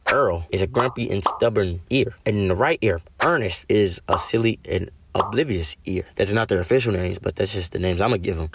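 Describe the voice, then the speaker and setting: A man's voice: lowish voice, a little hiss or hum. A man hosting a casual video review in a playful, jokey, rambling way. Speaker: video host. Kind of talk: casual reaction-style review.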